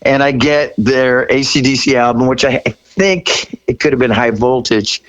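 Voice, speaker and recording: A man in his sixties, a rock singer guest, telling stories in an interview with animated energy, laughing and acting out what people said. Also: mid-range voice, moderate pace, rough recording. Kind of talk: storytelling interview.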